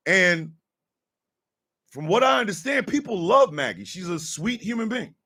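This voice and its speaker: Man, comedic rant, profane and exasperated, gravelly, bright and sharp. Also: very high-pitched, expressive, normal speed. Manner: profane, exasperated, often shouting. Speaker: podcast host.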